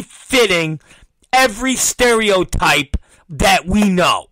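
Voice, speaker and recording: A man hosting a talk show, telling a story in a profane, animated rant and acting out the people in it. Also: high-pitched, a little slow, no room sound, poor audio. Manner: profane, acts out quoted voices. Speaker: podcast host.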